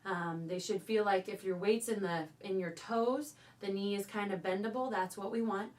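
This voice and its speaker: A woman from California, a voice teacher, leading a choir warm-up and calling out cues between sung drills. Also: medium pitch, steady tone, normal speed. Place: teaching studio. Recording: voice from a distance over loud piano. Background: loud piano accompaniment.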